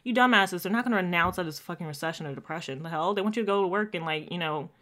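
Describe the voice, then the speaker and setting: A young woman co-hosting a casual podcast chat, animated and rambling, with lots of swearing and fillers. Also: lowish voice, racing.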